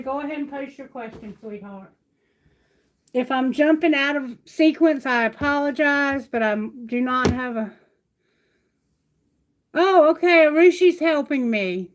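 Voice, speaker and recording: A high-pitched woman reads tarot on a live stream from home. She speaks affectionately to viewers and puts her questions aloud to Spirit. The recording carries a clear layer of background noise. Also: rough recording. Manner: affectionate, reassuring, calls viewers sweetheart and baby; asks questions aloud to Spirit while drawing cards. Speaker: tarot reader. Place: at home, near her bedroom.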